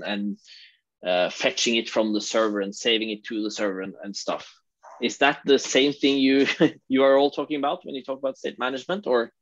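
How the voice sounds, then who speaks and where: A man hosting a casual video call meeting, relaxed and quick to agree. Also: medium pitch, no echo. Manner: relaxed, many short agreeing replies. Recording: dry, dull lo-fi call audio.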